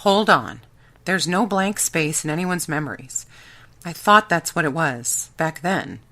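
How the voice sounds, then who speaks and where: Brief: loyal, defensive male tech scientist, voiced by a woman narrator, low audiobook read. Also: expressive, a little slow, a bit bright, heavily acted. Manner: explaining, defensive.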